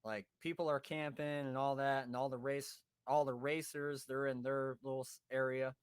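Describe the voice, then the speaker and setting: A man's voice: medium pitch, flat delivery, normal speed, smooth, no echo. A man hosting a podcast, telling a rowdy story in a casual way, swearing freely, laughing and acting out his friends' voices. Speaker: podcast host.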